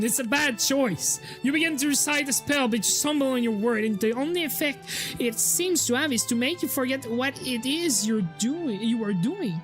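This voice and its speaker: A young woman with a French accent reads a game aloud on stream, her voice high and casual. She talks to her chat, swears freely, and reads in a relaxed way. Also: moderate pace, faint music behind.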